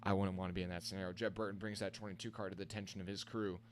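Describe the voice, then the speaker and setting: A man giving casual, excitable live-stream race commentary from a home computer setup, reacting on the fly and chatting to his viewers. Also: low-pitched, rapid-fire, a little hiss or hum.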